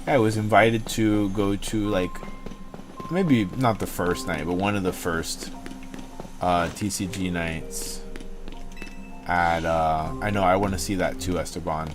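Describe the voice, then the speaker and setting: A young man chats loosely on his livestream, rambling from one joke to the next and swearing freely. His voice sits a bit low. Faint music plays behind him. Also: unhurried. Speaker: livestream host. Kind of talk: casual chat to stream chat.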